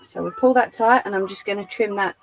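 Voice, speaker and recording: A woman hosting a live sewing tutorial, chatting to her viewers as she works, her voice going a little hoarse. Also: mid-range voice, brisk, a little hiss or hum, low-quality recording. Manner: chatty, talks to live chat while demonstrating. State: losing her voice. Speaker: craft livestream host.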